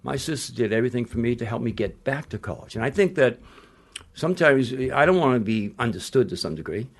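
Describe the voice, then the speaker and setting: A man's voice: medium pitch, animated, fairly quick. An older man, a retired basketball coach, telling stories in a casual interview, blunt and rambling, with frequent restarts and salty language.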